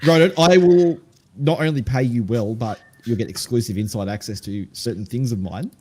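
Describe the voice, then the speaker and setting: A man's voice: mid-range voice, normal speed, darkish tone. A man from Australia with an Australian accent, joking in casual podcast banter. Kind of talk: casual chat.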